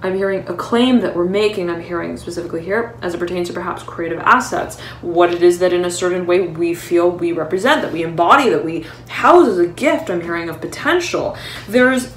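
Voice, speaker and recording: A woman giving an intuitive tarot reading at home, talking haltingly and often pausing to say she is "hearing" words. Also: fairly low pitch, slight background noise. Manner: halting, keeps repeating "I'm hearing" between words. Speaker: tarot reader. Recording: roomy echo.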